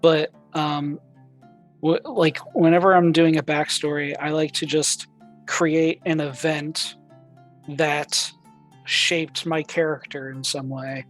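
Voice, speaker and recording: Relaxed player, unhurried talk. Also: mid-range voice, faint music behind. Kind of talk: casual chat about tabletop gaming.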